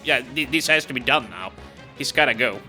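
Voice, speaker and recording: A man giving casual let's-play commentary, chatty and talking to himself as he plays. His voice is bright and forceful. Faint game music runs in the background. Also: medium pitch, expressive, brisk. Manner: casual, exasperated, talks to himself. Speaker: gaming video host.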